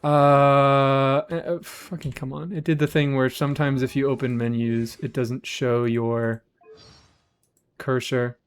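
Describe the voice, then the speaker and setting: A man streaming a game live, chatting casually with his audience in an animated, rambling way and swearing freely. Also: mid-range voice, slow, clean tone.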